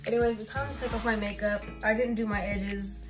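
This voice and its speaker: A woman's voice: medium pitch, steady tone, a little fast, far from the mic, music in the background. A woman vlogging casually about her phone, chatty and rambling, with lots of "like" and "y'all". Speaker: YouTuber. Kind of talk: casual vlog phone walkthrough. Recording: roomy echo.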